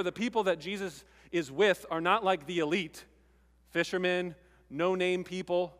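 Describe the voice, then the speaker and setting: A man preaching a sermon in a casual, conversational way, stressing words with pauses between them. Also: high voice, a bit bright, long reverb tail. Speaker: pastor.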